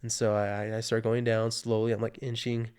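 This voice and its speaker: A man's voice: medium pitch, brisk, smooth. A man casually telling a personal story on a podcast, acting out the moments as he goes. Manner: animated, acts out his own panicked inner voice. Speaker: guest sharing his testimony.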